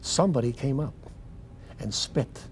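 Older guy preaching his story on a tv interview, goes loud then soft, warm low tone, bit of hiss. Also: lively intonation, measured pace. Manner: fervent preacher's delivery, swings loud and soft. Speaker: guest. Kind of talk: testimony in a TV interview.

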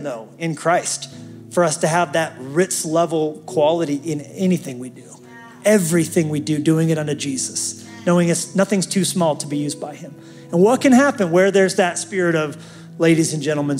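A man's voice: a little high, a little mellow. A man preaching a sermon as pastor, telling a story and building to fervent calls to the congregation.

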